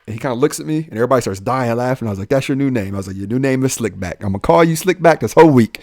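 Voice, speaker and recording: A young man, a police officer, telling his life story in a casual podcast chat, goofy and animated, acting out the lines he quotes. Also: medium pitch, racing, dry recording, clean studio sound.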